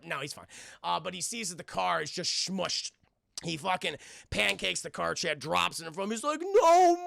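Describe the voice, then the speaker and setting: A man streaming a casual recap of a cartoon episode, excitable, swearing often and restarting his sentences as he talks to his chat. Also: on the high side, creaky, no room sound, studio quality.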